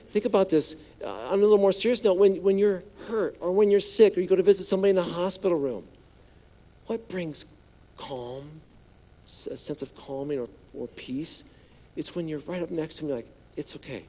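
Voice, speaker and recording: A male pastor preaching a sermon in a conversational, joking way, slipping into hushed voices for quoted lines. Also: high voice. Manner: conversational, playful asides, acts out quotes in hushed voice.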